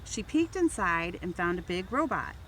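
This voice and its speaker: A woman's voice: fairly low pitch, very animated, moderate pace, a little hiss or hum. Woman reading a children's picture book. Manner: gentle storytelling, raising voice for toy characters. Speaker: volunteer reader.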